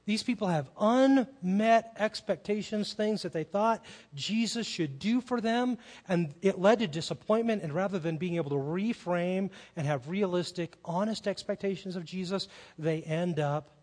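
Middle-aged guy preaching, chatty storytelling, higher voice, long hall echo. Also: moderate pace, hardly any pauses, a little mellow. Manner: conversational storytelling, rhetorical questions. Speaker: pastor. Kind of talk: sermon with personal stories. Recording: long reverb of a large hall.

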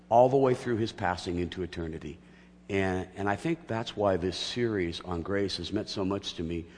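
A middle-aged male pastor preaching a sermon, telling a personal story with gentle humor before building into emphatic teaching. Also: deep voice, in a large hall, slight background noise.

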